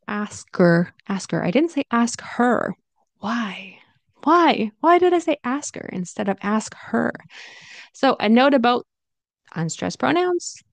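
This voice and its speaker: A woman teaching English pronunciation, repeating example phrases slowly and then at natural speed. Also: mid-range voice, creaky, dry recording.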